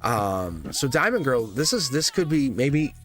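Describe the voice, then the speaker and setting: A man's voice: mid-range voice, sing-song, unhurried, fairly bright tone, soft background music. A man hosting a live tarot reading stream, talking casually to viewers in a chatty, upbeat way, often laughing and restarting his sentences.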